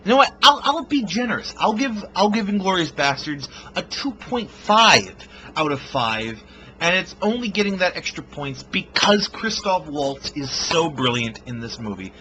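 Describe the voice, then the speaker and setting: A man reviews a film in a casual, rambling way, swearing freely and stumbling over fillers. His voice sits a little high and sounds bright and forward. A faint hiss of background noise runs under the recording. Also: sing-song, a little slow, poor audio. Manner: blunt, profane, rambling with fillers.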